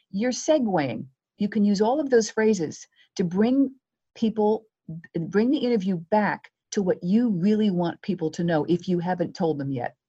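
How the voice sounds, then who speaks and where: A woman speaking as a guest media coach in a podcast interview, lively and acting out quoted exchanges. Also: mid-range voice, normal speed, breathy edge, dull audio.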